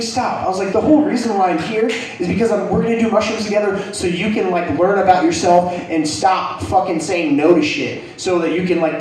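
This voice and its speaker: A young man doing stand-up comedy, telling a profane story and acting out the people in it. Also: high voice. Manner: profane, animated, acts out characters. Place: comedy club stage. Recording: echoey room from a distance, faint noise.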